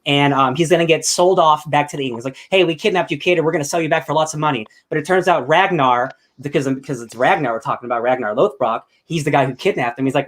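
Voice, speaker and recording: A young man hosting a podcast, chatting casually in an excitable, rambling way with bursts of loud enthusiasm. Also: fairly high pitch, quick pace, few pauses. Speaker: podcast host. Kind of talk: casual chat.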